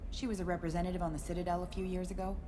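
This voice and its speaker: An actress playing a guarded, blunt former security chief in a video game. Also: female voice, fairly low pitch, little pitch movement, rapid-fire, noisy background, close to an everyday voice. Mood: wary. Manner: wary, blunt.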